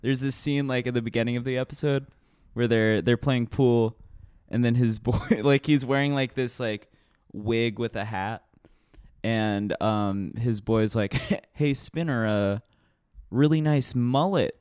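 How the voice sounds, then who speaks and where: Rambling, laughing man, smooth voice. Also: medium pitch, steady tone, darkish tone, no room sound, clean studio sound. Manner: rambling, laughing, quick retellings with put-on quotes. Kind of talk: casual chat.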